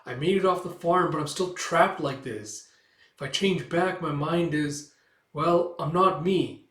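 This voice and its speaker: A man's voice: a little high, a little slow, a bit bright. Casual man recapping a comic in an echoey room. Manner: paraphrases dialogue loosely, hesitant with fillers. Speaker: comic book reader. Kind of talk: casual read-aloud of a comic.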